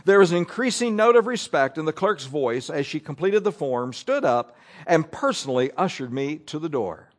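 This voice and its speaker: High-voiced male preacher reading aloud. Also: lively intonation. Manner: reads aloud deliberately, with asides to the congregation. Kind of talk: sermon, reading scripture and an article aloud.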